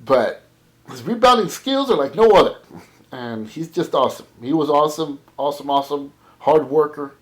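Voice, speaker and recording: A man's voice: fairly high pitch, animated, moderate pace. A man casually showing off a haul of collectibles, enthusiastic and rambling, repeating how awesome things are. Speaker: comic and card collector vlogger. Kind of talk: casual haul show-and-tell.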